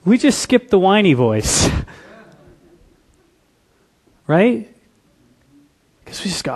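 A man's voice: high-pitched, very animated, takes it slowly, pauses often, a little mellow, breathy edge. A man preaching a sermon as pastor, throwing rhetorical questions at the congregation.

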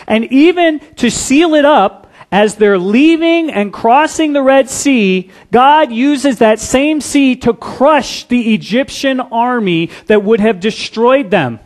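A man's voice: very high-pitched, slow, few pauses. A man preaching a sermon as pastor, throwing rhetorical questions at the congregation.

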